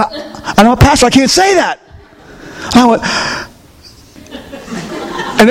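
A male pastor preaches in church, his voice a touch higher than most men's. He tells stories and keeps turning to the congregation with questions. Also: lively intonation, fairly quick, long pauses. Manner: storytelling, asks the congregation questions. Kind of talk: sermon.

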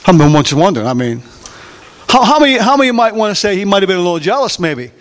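A man preaching a sermon, animated, often asking the congregation questions and answering them himself. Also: high voice, fast talker. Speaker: pastor. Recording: long reverb of a large hall.

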